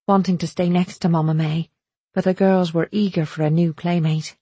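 Woman narrating with a husky, dark voice. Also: lowish voice, no echo. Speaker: audiobook narrator. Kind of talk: first-person storybook narration.

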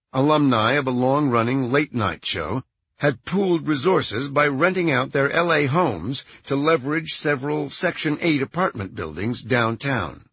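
A man reads crime fiction in a lively, animated way. His bright voice has a slight husk to it. The recording is dry and a little dull. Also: medium pitch, breathy edge, no room sound. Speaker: audiobook narrator. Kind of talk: scripted narration.

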